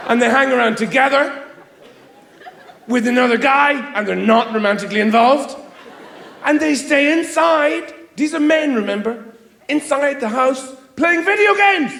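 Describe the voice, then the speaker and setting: A man from Ireland doing a stand-up comedy set, rambling, muttering into asides and then bursting into loud mocking quotes, recorded live in a roomy venue. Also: very high voice, normal speed, vocal fry, slight background noise.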